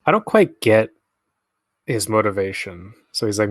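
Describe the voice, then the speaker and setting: A man's voice: fairly low pitch, very animated, normal speed, long pauses, no room sound, studio quality. A young man giving casual, laid-back movie commentary, musing aloud and swearing freely. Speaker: film commentary host.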